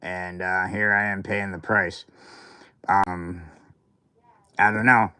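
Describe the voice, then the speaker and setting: A man's voice: deep voice, level tone, slow pace, sharp tone, clear, resonant tone. A man hosting a casual livestream, rambling and grumbling with mild cursing. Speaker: livestream host.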